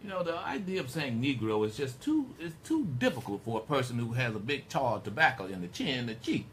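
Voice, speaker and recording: Middle-aged male radio host, animated and rambling, with a mid-range voice full of swoops. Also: mid-range voice, a little fast, few pauses, slight background noise. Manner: rambling, digressive, animated storyteller. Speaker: radio talk show host. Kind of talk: talk radio monologue.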